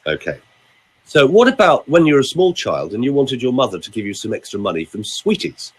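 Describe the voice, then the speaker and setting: A man's voice: medium pitch, big pitch swings, a little fast, a little hiss or hum. An older man, a vocal coach talking in a theatrical, teasing way on a podcast. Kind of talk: casual podcast chat with voice demonstrations.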